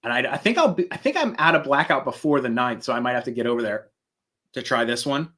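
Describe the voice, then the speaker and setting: An adult man who is a parent co-hosts a casual live Disney talk show, joking playfully as he describes food items. His medium-pitched voice is animated, quick, pushed, and bright.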